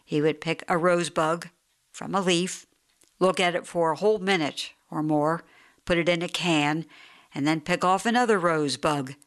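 A woman narrating a short story for an audiobook in a steady, even way. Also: lowish voice, normal speed.

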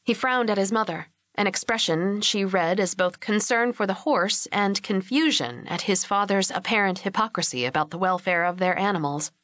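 A woman narrating an audiobook in a measured, even storytelling manner, recorded on a close mic. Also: mid-range voice, dry recording. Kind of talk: scripted narration.

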